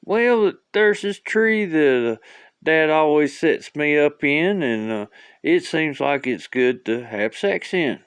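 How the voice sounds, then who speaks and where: A man voicing a weepy young woman in a joke, in a high, whiny falsetto. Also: animated, slow pace, clear, resonant tone, dry recording.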